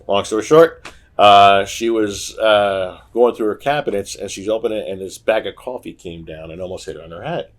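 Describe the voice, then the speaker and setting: On the low side and speaking at normal speed, a man guesting on a podcast tells stories casually. He's animated, imitating the voices of people he quotes.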